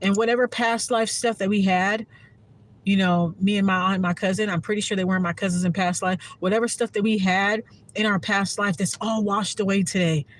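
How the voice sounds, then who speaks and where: A woman's voice: medium pitch, fairly even intonation, fairly quick. A woman giving a heartfelt, profane casual monologue to her viewers as a spiritual content creator.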